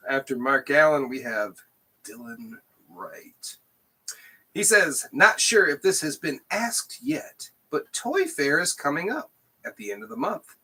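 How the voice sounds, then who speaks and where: A man's voice: on the high side, bright, forceful tone, husky. A man co-hosting a podcast, chatting casually and laughing often. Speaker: podcast co-host. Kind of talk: casual chat.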